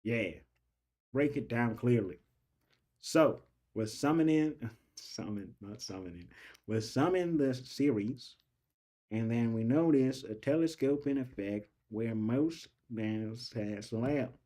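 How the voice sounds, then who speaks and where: A man's voice: medium pitch, slow pace, mellow. A young man studying calculus on a casual stream, thinking aloud and repeating his questions as he works through the problem.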